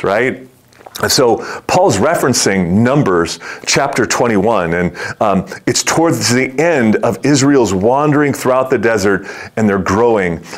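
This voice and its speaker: A middle-aged male pastor preaching a conversational sermon, often repeating words as he starts sentences and acting out the voices in his stories. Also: on the low side. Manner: acts out quoted voices in the story.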